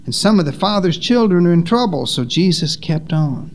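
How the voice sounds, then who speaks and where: A man delivering a sermon in a fairly high voice. He leans on dramatic pauses and lets his pitch fall low to land each point. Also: expressive, a little hiss or hum. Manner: dramatic pauses, rises and drops in pitch for emphasis. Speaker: preacher.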